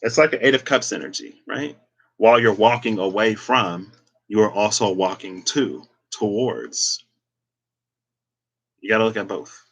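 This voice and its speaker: Guy doing a rambly tarot talk, kinda low voice but bright and punchy, lots of likes and you knows. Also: measured pace. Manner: reflective, meandering, many fillers. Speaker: tarot reader. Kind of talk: casual spiritual talk to camera.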